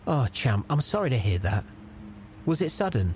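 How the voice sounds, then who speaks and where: A man's voice: mid-range voice, big pitch swings, moderate pace, a little mellow, slight background noise. A man hosting a comedy podcast, playing the patient straight man who gets flustered when pressed. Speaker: podcast host. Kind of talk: scripted comedy podcast dialogue.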